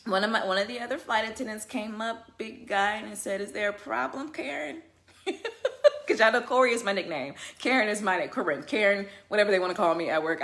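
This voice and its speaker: A woman working as a flight attendant, telling a story in a casual livestream with emphatic, animated delivery and frequent laughter. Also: mid-range voice.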